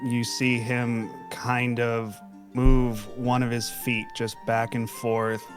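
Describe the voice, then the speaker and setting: A man playing a tabletop game, describing his character's actions in a deliberate, careful way. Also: medium pitch. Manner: slow, deliberate descriptive narration. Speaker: player.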